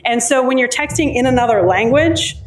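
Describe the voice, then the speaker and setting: A woman, an author, chatting with a live audience at her book launch, often pausing with ums and restarting her sentences. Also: sits high, expressive. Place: live event before an audience.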